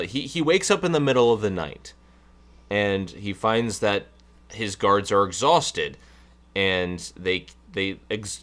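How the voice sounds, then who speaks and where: A man's voice: lowish voice, a bit bright. A man co-hosting a casual film review chat, talking with hesitant, stammering restarts. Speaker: podcast co-host.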